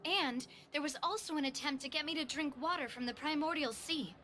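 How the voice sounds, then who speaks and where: A woman's voice: high-pitched, brisk, sharp tone, slight background noise. An actress voicing a confident young woman investigating a case in a video game, earnest and determined.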